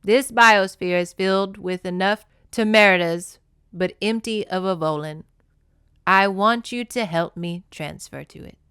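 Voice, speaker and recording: A woman reading the lines of a gentle alien man living in a human body, in a solemn, earnest tone. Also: medium pitch, a little slow, smooth, dry recording, studio quality, close to an everyday voice.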